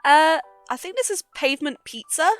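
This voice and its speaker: A woman's voice: sits high, animated, normal speed. A young woman streaming live, chatting casually and giggling often between sweary asides. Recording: faint background music.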